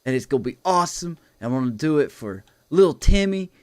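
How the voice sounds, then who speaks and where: A man playing an excitable male wrestler who boasts in a loud, raised voice. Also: on the high side, fairly quick, clear, resonant tone, dry recording, pitched above the performer's own voice, lightly acted. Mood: boastful.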